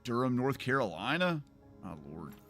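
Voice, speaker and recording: A man's voice: mid-range voice, big pitch swings, moderate pace, over music. A man with a Southern US accent chatting loosely with viewers while he streams a video game, rambling and laughing often. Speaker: gaming streamer. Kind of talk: casual livestream chat while playing.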